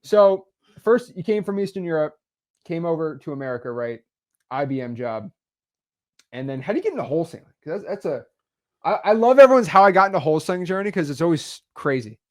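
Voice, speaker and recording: A young man in his twenties hosting an interview, jokey and excitable, cutting in often. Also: fairly high pitch, brisk. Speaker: host. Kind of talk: casual interview chat.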